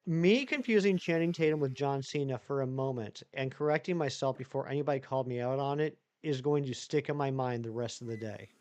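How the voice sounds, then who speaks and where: A man's voice: medium pitch, a little fast, few pauses, darkish tone. A man live-streaming who chats loosely with viewers, reads their messages aloud and rambles with many restarts. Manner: rambling, chatty, reads chat aloud and answers it. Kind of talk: casual live-stream chat.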